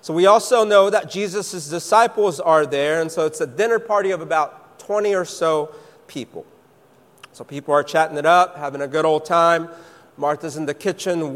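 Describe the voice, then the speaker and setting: A man's voice: a little high, steady tone, moderate pace, long reverb tail. A man preaching a sermon, telling the story playfully and slipping into acted voices for the characters. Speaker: pastor.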